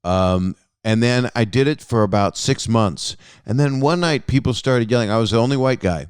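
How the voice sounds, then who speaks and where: A man's voice: mid-range voice, normal speed, smooth, dry recording, studio quality. A man hosting a casual podcast conversation, telling rambling, self-deprecating stories. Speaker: podcast host.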